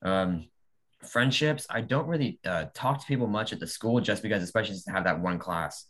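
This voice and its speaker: A man's voice: on the low side, fairly quick. A young man in his late teens, a young author, chatting casually in an interview and animatedly acting out the people he quotes. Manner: animated, acts out quoted people, laughs often.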